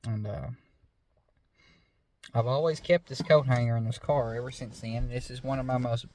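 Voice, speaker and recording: A man's voice: medium pitch, fairly even intonation, moderate pace, darkish tone, no room sound. Easygoing drawling man. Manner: easygoing, drawling, lots of fillers and 'I said'. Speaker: storyteller. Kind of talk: casual spoken storytelling.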